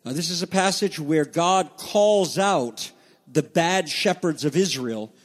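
A man's voice: on the high side, slow. A pastor preaching a morning sermon in a slightly raised voice. He reads passages aloud and explains them earnestly, now and then stopping to restart a thought. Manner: earnest preaching with scripture readings, some restarts.

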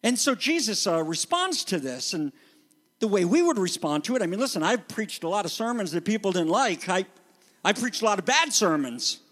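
A man preaching a sermon as pastor, animated and conversational, acting out the voices he quotes. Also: sits high, moderate pace, long reverb tail.

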